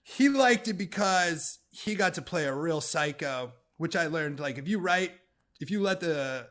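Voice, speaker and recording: A young comedian guest tells animated stories in casual conversation, acting out quotes while swearing and laughing plenty. His voice is fairly high and a little slow.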